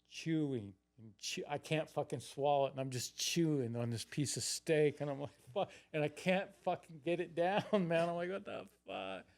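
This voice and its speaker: A man in his sixties tells a long, loose story as a podcast guest. He curses freely and slips into the voices of his younger self. His pitch sits in a middling range for a man. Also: darkish tone. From Florida, United States. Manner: rambling, heavy swearing, acts out his own past lines. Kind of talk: casual storytelling.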